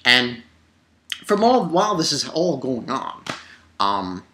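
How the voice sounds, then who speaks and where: A man casually recapping an anime episode, excitable and animated, with the odd curse word. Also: mid-range voice, slow pace, a little hiss or hum. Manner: excitable, animated retelling with swearing. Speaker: anime reviewer.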